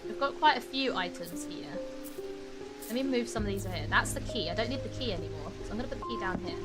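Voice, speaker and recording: A woman's voice: medium pitch, animated, fast. A British woman chatting casually to her viewers while streaming a game. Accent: British English. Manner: chatty, talks to chat while playing. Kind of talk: casual live-stream chat. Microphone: desk mic with webcam. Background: game music.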